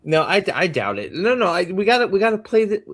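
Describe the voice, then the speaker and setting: An excitable man talking in a fairly high register. He swears freely and keeps jumping into quick put-on voices to retell scenes. The tone is loose and chatty. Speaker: podcast co-host. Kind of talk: casual review chat.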